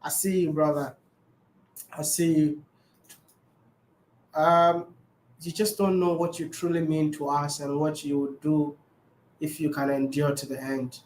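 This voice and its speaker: A man's voice: a little high, little pitch movement, measured pace, pauses often, a little mellow, slight background noise. A man chatting casually as a vlogger, answering viewer questions, laughing often and repeating his phrases. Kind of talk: casual chat. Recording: roomy echo.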